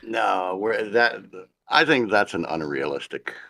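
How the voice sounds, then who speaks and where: A man's voice: lowish voice, lively intonation, a little slow, pushed and bright. A man co-hosting a live-streamed talk show, dry and casual, reading chat messages aloud and answering with short replies. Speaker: co-host.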